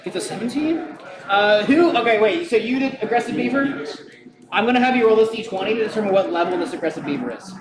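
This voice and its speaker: Lively intonation and a quick pace mark this high-voiced man as he narrates the brewery's live tabletop game, joking and laughing as he goes. The sound is roomy, and crowd noise runs underneath.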